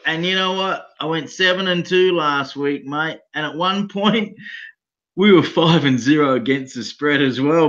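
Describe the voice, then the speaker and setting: A man with an Australian accent giving blunt, excitable betting picks in casual chat, calling everyone mate and swearing freely. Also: a little high, highs cut off. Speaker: guest betting analyst.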